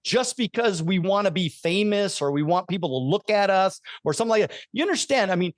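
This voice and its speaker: A man hosting a podcast in casual conversation, animated and emphatic, often checking in with his guest. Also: sits high, brisk, no echo, studio quality. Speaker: podcast host.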